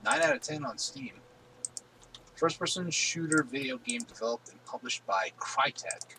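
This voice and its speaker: A man's voice: medium pitch, big pitch swings, moderate pace, gravelly, bright, forceful tone, slight background noise, poor audio. A man hosting a casual gaming stream from home on a headset, rambling easily with lots of fillers. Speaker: streamer host.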